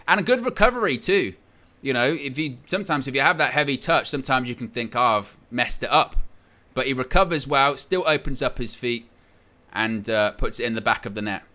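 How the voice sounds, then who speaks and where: A man hosting a live football watchalong, calling the play, surging loud at goals and then breaking it down calmly, reading viewers' chat aloud. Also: mid-range voice. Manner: excitable, surges loud at goals, then calm analysis. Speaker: watchalong host. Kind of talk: live match watchalong commentary.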